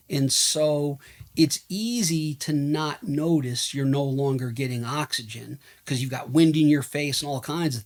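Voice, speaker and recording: A man appearing as a physician guest, explaining things in a measured way with occasional fillers. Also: a little high. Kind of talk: explanatory interview answers.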